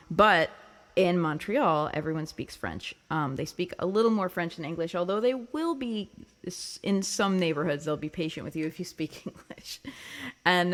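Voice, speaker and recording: A woman hosting her own music livestream, chatting casually with viewers, laughing often and filling her talk with ums and likes. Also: low voice. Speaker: singer-songwriter livestream host.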